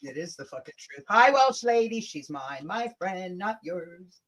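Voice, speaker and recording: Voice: medium pitch, lively intonation, unhurried, fairly bright tone, rough recording. Crude, laughing livestream co-host. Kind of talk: casual livestream chat.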